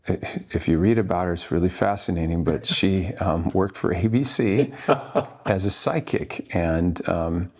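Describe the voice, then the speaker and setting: A man in his fifties from Washington State, an actor guest recounting his life in an earnest, halting way with many pauses. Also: low voice. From Washington State, USA. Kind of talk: reflective interview storytelling.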